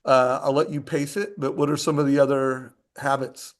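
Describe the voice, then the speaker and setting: Relaxed man hosting a webinar. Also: medium pitch, normal speed. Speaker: webinar host. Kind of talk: casual chat.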